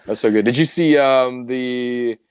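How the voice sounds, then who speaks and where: A man's voice: medium pitch, unhurried, clean tone, no echo. A young man co-hosting a podcast, chatting casually with lots of fillers and cursing. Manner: rambling, swears casually, many fillers. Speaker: podcast co-host. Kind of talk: casual chat.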